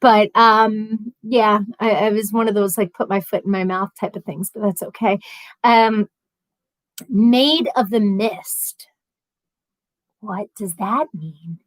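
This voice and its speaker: Here a woman with a medium-pitched voice speaks at a measured pace, hosting a relaxed live stream where she reads out viewer comments and responds to them. She rambles chattily through animated stories, laughing in bursts. The audio is dry and low in quality.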